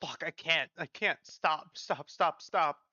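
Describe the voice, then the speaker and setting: A man voicing someone in sharp pain, pleading loudly and strained, on dull lo-fi audio. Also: fairly high pitch, fast talker, no room sound.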